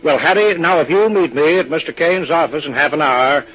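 An actor playing a folksy small-town businessman who talks in a slow, hesitant drawl in a vintage radio drama. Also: a little high, close to an everyday voice. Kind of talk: 1940s radio acting. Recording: dull old radio recording.

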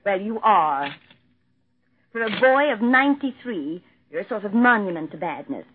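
A woman's voice: medium pitch, animated, normal speed, breathy edge. An actress in a vintage radio drama playing a firm nurse who scolds her stubborn old patient. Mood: scolding. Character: brisk, firm private nurse. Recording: tinny old radio broadcast.

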